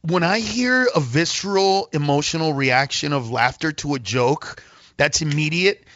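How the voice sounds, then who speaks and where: Bright-voiced male comedian telling stories. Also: a little high, a little slow, no room sound, muffled recording. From Mexican-American. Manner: acts out voices in stories, laughs often. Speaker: comedian guest. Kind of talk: animated storytelling.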